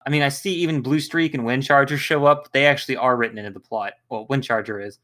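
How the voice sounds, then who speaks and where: A man co-hosting a podcast in casual chat, laughing often and acting out quotes in quick impressions. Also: medium pitch, fairly bright tone. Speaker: podcast co-host.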